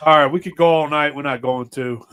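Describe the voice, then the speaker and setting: A man's voice: a little high, steady tone, a little fast, fairly bright tone, clear, resonant tone. A man, hosting a podcast and telling rambling, profane stories in casual chat. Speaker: podcast host.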